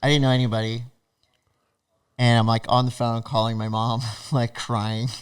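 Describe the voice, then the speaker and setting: A man guest on a podcast, telling stories in an animated, laughing way and acting out what other people said. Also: mid-range voice, normal speed, clear, resonant tone. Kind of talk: casual storytelling.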